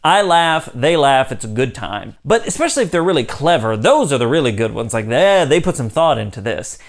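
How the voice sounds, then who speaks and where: A man's voice: medium pitch, very animated, fairly quick. A young man hosting his own online channel, talking casually to the camera in an upbeat way, laughing easily and acting out the lines he quotes. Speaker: YouTube host.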